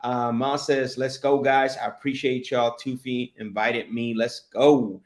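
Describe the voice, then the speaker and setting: A man hosting a live streamed show, chatting casually and energetically, calling out shout-outs with lots of fillers. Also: mid-range voice, level tone, unhurried.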